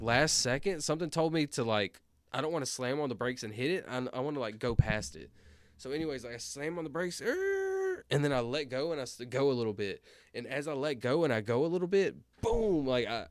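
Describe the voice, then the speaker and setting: A young man, a streamer, telling rambling stories in casual chat, filling every pause with "like" and "anyways.". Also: medium pitch, no room sound. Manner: rambling, filler-heavy, says "like" and "anyways" constantly. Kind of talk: casual storytelling while reading chat.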